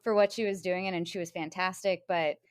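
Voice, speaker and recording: A woman's voice: lowish voice, fairly even intonation, a little fast, dry recording, clean studio sound. A woman co-hosting a film review podcast in casual chat, sharing firm opinions and laughing between her points. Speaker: podcast co-host.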